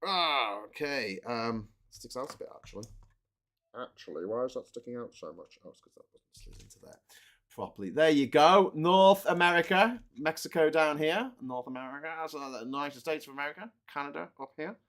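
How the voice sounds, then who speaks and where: A man's voice: a little high, brisk, a bit bright. A man, chatting casually and joking as he assembles a model, often correcting himself. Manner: chatty, rambling, self-correcting, jokey. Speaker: host building a model while talking. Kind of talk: casual live chat.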